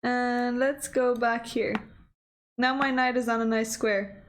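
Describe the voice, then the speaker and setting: A young woman streaming a chess game, talking excitedly to her computer opponent, gasping and exclaiming at the moves. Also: on the high side, takes it slowly, a little hiss or hum. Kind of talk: casual live-stream chess play-by-play.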